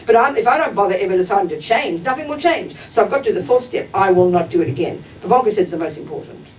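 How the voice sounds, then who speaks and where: Heard from afar on a distant mic with a faint rumble, a Buddhist teacher gives a dharma talk to a class in a center's teaching hall. The woman is direct and emphatic, acting out everyday examples.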